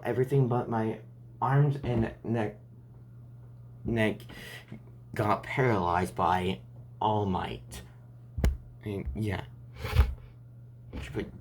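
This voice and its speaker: A man's voice: on the low side, steady tone, takes it slowly, pauses often, darkish tone, slight background noise. A man improvising a fan story aloud, rambling and restarting often between lines.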